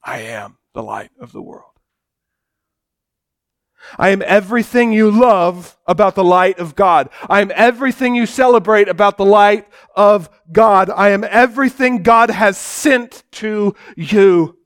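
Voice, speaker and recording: A man preaching a dramatic sermon in church, swinging between loud declarations and hushed, low passages. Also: a little slow, hardly any pauses, clean tone. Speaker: pastor.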